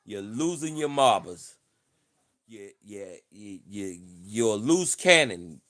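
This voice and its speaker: A man's voice: fairly low pitch, animated, slow pace, fairly bright tone. Boastful man on a playful livestream. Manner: playful, repeats himself, boastful mock-campaign talk. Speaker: livestream host. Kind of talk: casual livestream chat.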